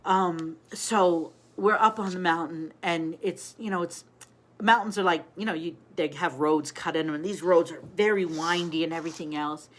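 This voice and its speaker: This is a middle-aged woman telling stories on a casual live stream, with a voice that sits a little low for a woman. She talks in a chatty, animated way, greets her viewers by name and laughs easily as she goes. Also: normal speed.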